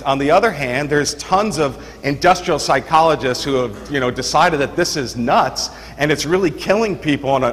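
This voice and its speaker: Forties New York man, chatty energetic presenter, reverberant hall sound. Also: on the high side. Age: 40s. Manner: energetic, chatty, lots of "you know" and "right". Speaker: seminar presenter. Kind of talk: live seminar talk. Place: seminar room.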